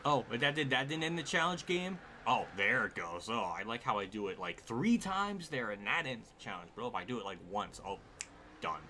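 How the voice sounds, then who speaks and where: A man's voice: medium pitch, fairly quick. Exasperated man cursing through a live game. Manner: exasperated, swearing outbursts at the game. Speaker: racing game streamer. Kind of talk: live gameplay commentary. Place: at home at his desk. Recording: steady background noise.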